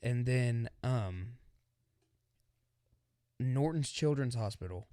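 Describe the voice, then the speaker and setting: Speaking slowly at a medium pitch, this young podcast co-host tells a story in casual conversation, animatedly performing the voices of its characters. The studio sound is clean, with no echo.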